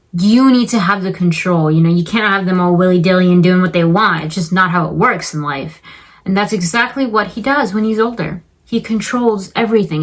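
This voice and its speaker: Young woman, casual film review vlog, chatty, filler-heavy, acts out lines, medium pitch. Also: low-quality recording. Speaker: film commentator.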